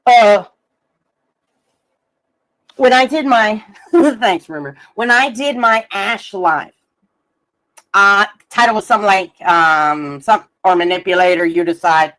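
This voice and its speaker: A woman's voice: mid-range voice, takes it slowly, long pauses, a bit bright. A woman streaming live, ranting about online drama in a profane, combative, mocking way, reading out messages and jabbing at critics. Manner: reads messages aloud, laughs between jabs.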